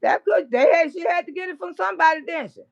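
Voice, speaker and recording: Lady ranting on her livestream, real high and raspy-fried, swears a lot, cackles loud. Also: fast, lo-fi sound. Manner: blunt, profane, laughs loudly. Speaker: livestream commentator. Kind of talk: casual livestream commentary.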